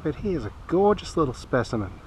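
An Australian man vlogging from a riverbank in the bush, talking softly on a phone camera, his soothing voice lilting up when he speaks to a bird. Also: fairly high pitch, very animated, a little fast. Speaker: fishing vlogger. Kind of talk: outdoor commentary to camera. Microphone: phone camera mic. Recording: faint outdoor background noise.

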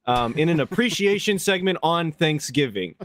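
A man co-hosts a podcast in casual chat, sounding incredulous and exasperated. His fairly high, fairly bright voice has lively intonation at normal speed, and the recording is dry with clean studio sound.

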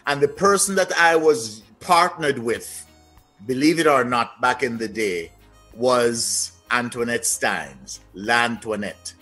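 Husky Jamaican man telling stories. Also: medium pitch, slow pace, faint music behind. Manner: lively, anecdotal, trailing-off phrases. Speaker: guest. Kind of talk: casual interview storytelling.

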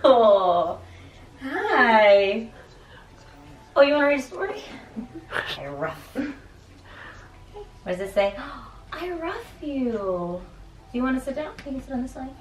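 An affectionate woman greets the toddlers in casual family chat, laughing often. Her high voice rises and falls lively at a slow pace. She sounds roomy and some distance from the mic. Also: a little hiss or hum.

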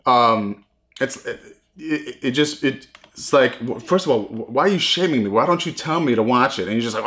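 A man's voice: mid-range voice, normal speed, a bit bright. Male podcast host, comic rant, swears freely and sounds fed up. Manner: profane, exasperated ranting.

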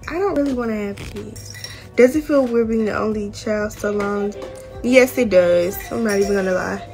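A woman's voice: medium pitch, normal speed, darkish tone. A teenage girl chatting candidly to viewers in a casual vlog, using slang like y'all and finna. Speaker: vlogger. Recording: music playing behind the voice.

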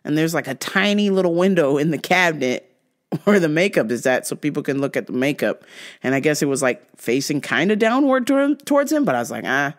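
A woman's voice: low voice, expressive, a little fast. A woman vlogger telling stories in a casual way, swearing, laughing often and acting out the people in them. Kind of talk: casual storytelling.

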